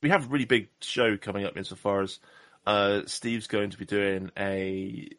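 A man's voice: on the low side, fairly even intonation, normal speed, fairly bright tone, dry recording. A man hosting a podcast in casual chat, rambling and self-deprecating with jokes. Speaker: podcast host.

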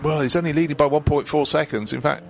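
A man's voice: fairly high pitch, fairly even intonation, fast, vocal fry, a little hiss or hum. A man commentating on a motor race, explaining strategy in detail with a chatty manner.

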